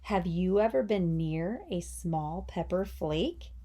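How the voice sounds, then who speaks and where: A woman's voice: lowish voice, slow, mellow. A woman teacher giving a reading lesson, encouraging children and asking them questions. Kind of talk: read-aloud reading lesson.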